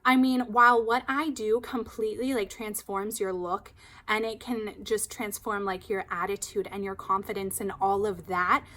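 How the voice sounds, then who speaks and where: A woman hairstylist telling a client story in casual, animated chat, full of "like". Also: medium pitch, normal speed. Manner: chatty, animated, heavy use of "like".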